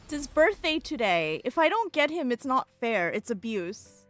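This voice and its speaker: A young woman streaming a game from home on a desk mic, chatting casually in an excitable, emotional way and laughing often. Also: high-pitched, normal speed.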